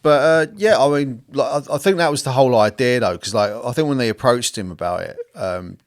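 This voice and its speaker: A man's voice: mid-range voice, expressive, brisk, dry recording, studio quality. A man co-hosting a casual film podcast, blunt and sweary, rambling with lots of fillers. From second-generation Irish. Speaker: podcast co-host.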